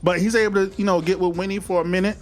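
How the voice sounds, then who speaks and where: A man's voice: high voice, steady tone, racing, faint music behind. A man recapping a movie in a casual, slangy way, acting out the characters' lines as he tells the story.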